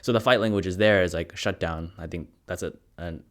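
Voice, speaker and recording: A man hosting a podcast, chatting in a relaxed way and laughing often. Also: low voice, fairly quick. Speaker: podcast host. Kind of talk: casual interview chat.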